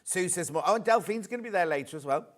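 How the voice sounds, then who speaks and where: A man's voice: high voice, lively intonation, quick pace. A middle-aged man presenting live on a shopping channel, chatting and reading out viewer messages.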